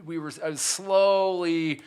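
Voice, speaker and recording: A man in his thirties tells his own story as a podcast guest, candid and reflective, often restarting his sentences. His voice is bright, crisp and smooth. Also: medium pitch, moderate pace. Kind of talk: storytelling in an interview.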